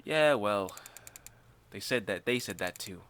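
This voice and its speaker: A man reading aloud as a shaken, exhausted young man under arrest, speaking in a strained, halting way. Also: fairly low pitch, lively intonation, a bit bright, clear, resonant tone. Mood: distraught.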